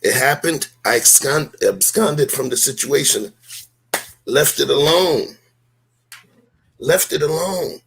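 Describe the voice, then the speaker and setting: A man's voice: a little high, lively intonation, slow pace, vocal fry, pauses often, a bit bright, slightly rough. A man, defending himself in a heated live-stream talk, emphatic and rhetorical, full of slang.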